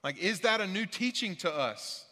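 A man's voice: high voice, lively intonation, normal speed, sharp tone, long reverb tail. A male pastor preaching a sermon in a church, earnest and emphatic, repeating his key points. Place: church sanctuary.

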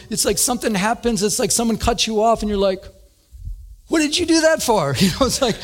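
A man preaching a casual radio sermon, animated, often laughing and acting out little scenes. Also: high-pitched, slightly rough. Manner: animated, laughs and acts out beeping and dialogue. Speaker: pastor.

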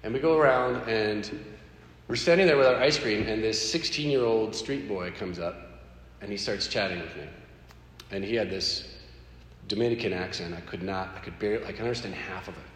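A man sharing a personal faith story in an animated, conversational way. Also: lowish voice, a little fast. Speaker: speaker sharing a personal testimony. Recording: echoey hall with faint background noise.

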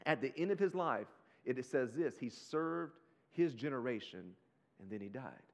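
A man preaching a sermon as pastor, animated and conversational, talking straight to his listeners in casual slang. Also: medium pitch, normal speed. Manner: slips into casual slang like "y'all".

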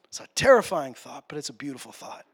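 A male pastor preaching a sermon, passionate, swinging between quiet, tender passages and loud, urgent ones. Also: on the high side, big pitch swings, fast talker, husky.

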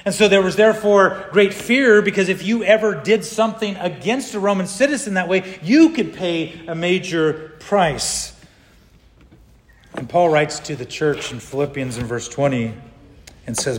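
High-voiced man preaching in a reverberant hall. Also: normal speed, slight background noise. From California. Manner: storytelling, acts out the people he quotes. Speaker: pastor. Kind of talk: sermon with personal story.

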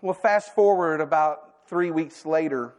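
Animated man preaching a story-driven sermon. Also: on the high side, a little slow. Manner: animated storytelling, acting out quoted dialogue. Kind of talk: sermon with personal stories.

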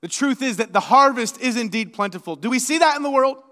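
High-voiced pastor preaching in a reverberant church. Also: male voice, animated, fast talker. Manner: conversational preaching that swings between hushed and emphatic. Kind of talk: sermon. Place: church sanctuary. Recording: long reverb of a church sanctuary.

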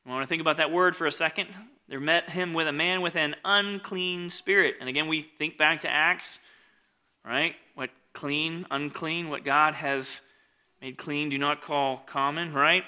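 A man preaching a casual sermon, reading scripture aloud and explaining it conversationally, with lots of "like" and "right?" asides, swinging between loud emphasis and quiet lowered asides. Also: normal speed.

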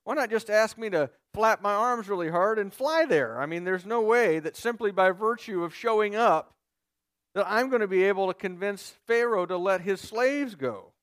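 Moses, as a preacher puts him on, high and disbelieving. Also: male voice, very animated, normal speed. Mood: sarcastic. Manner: disbelieving, protesting, rising exclamations. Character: incredulous old male shepherd, exasperated and doubting. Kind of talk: sermon retelling.

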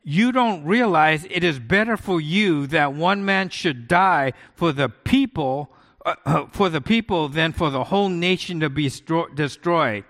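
A preacher voicing a scheming high priest. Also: male voice, a little slow, a bit bright. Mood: dismissive. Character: scheming male high priest, blunt and dismissive.

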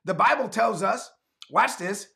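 A pastor delivers a sermon at a measured pace, his high voice ranging broadly as he pushes rhetorical questions and reads from scripture. The intonation is lively and the tone sharp, with a gravelly rasp running underneath.

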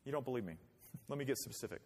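Man, pastor, conversational sermon, acted-out quotes, rhetorical questions, husky voice. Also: medium pitch, animated, fast, darkish tone. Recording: long hall reverb.

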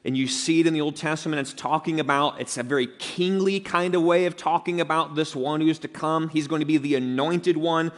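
A man's voice: fairly high pitch, fairly even intonation, a little fast, hardly any pauses. A man preaching an earnest, emphatic expository sermon as pastor. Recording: long reverb of a large hall.

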